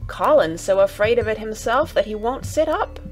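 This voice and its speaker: A woman voicing an eager, curious young girl in an audiobook reading, her words crisp, with faint music behind. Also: mid-range voice, lively intonation, normal speed, lightly acted.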